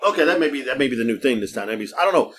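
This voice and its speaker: Loud, lively joking man. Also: medium pitch, racing. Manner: brash, joking, laughs a lot, swears freely. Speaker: podcast co-host. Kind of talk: casual banter.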